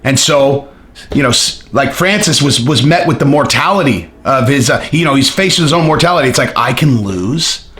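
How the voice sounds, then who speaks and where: A man giving a casual, jokey opinion monologue on fighting, animated and quick to break into impressions. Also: medium pitch, reverberant. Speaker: MMA commentator.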